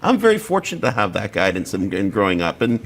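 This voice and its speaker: A man's voice: on the low side, wildly swooping pitch, fast talker. A man in his forties co-hosting a political talk show, speaking bluntly with many fillers and restarts.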